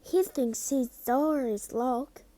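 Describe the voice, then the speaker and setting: A young schoolboy talking in a low, hushed voice, as a woman reading aloud plays him. He sounds careful and quiet. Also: slow, no room sound.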